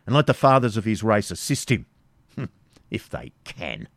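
A man's voice: lowish voice, moderate pace, dry recording, close to an everyday voice. A man voicing a cruel, sarcastic medieval baron who speaks sternly and with contempt, read as a storybook figure. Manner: stern, mocking, commanding.

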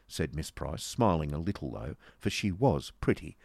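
A man narrating a classic novel as an audiobook, in an expressive storytelling manner. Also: very deep voice, normal speed, vocal fry, no room sound.

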